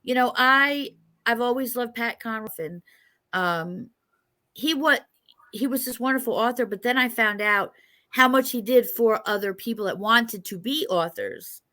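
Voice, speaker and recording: Lady hosting an author chat on a video call, friendly, kinda high and bright. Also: measured pace. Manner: friendly, chatty, agreeing often. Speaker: interview host. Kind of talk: casual interview chat.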